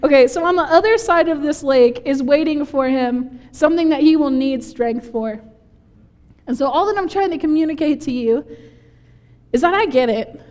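A woman preaching a sermon, telling the story in an animated, conversational way. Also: sits high, moderate pace. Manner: animated storytelling, acting out quoted voices with laughs. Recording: long hall reverb.

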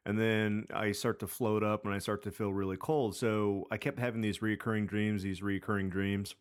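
A man's voice: fairly low pitch, flat delivery, moderate pace, smooth. A man in his thirties telling a long personal story in casual chat, rambling with many fillers and restarts. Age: 30s. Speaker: podcast co-host.

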